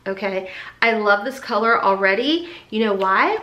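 Gushing woman, bright, echoey room. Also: fairly high pitch, unhurried. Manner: gushing, excitable, says y'all a lot. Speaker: beauty vlogger. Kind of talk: casual unboxing chat.

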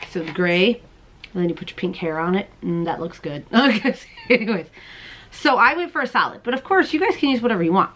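A woman in her thirties hosting a crochet and knitting podcast, chatting casually to camera at home, bubbly and quick to laugh. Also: medium pitch, fairly bright tone. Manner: chatty, bubbly, laughs often, talks to viewers as "you guys". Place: at home, indoors.

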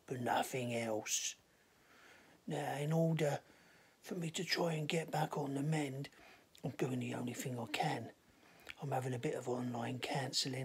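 A middle-aged man doing a gravelly swaggering cockney geezer. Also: a little high, a bit bright, full character voice. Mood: sheepish. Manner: boastful, cheeky, swaggering delivery. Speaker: comedy vlogger. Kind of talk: comic monologue in a put-on character voice. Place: bedroom.

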